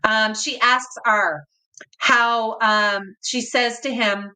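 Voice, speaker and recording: A woman's voice: a little high, fairly even intonation, slow pace, sharp tone, poor audio. A woman hosting a channel, reading journal excerpts aloud and adding somber, dismayed comments to her viewers. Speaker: host.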